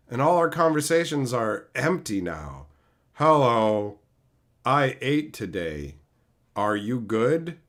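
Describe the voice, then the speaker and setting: A man voicing a hollowed-out, dead-eyed friend who speaks in a flat, slow monotone. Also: mid-range voice, pitched below the performer's own voice. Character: hollowed-out, dead-eyed male friend, empty small talk.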